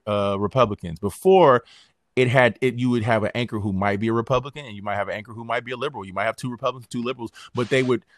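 A man hosting a podcast, talking politics in a casual, animated way, full of slang and swearing and quick impressions of other people. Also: lowish voice, no room sound, clean studio sound. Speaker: podcast host.

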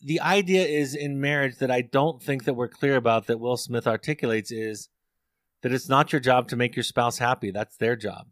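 A man's voice: medium pitch, normal speed, fairly bright tone, no echo. Middle-aged male therapist, earnest and reflective, dry close recording. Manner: earnest, storytelling, repeats words as he thinks. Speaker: therapist and author. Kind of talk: reflective interview talk.

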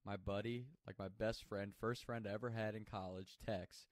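A man's voice: on the low side, moderate pace, no echo, clean studio sound. A man telling a personal story casually, swearing freely and laughing as he goes. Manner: profane, animated, laughs while telling.

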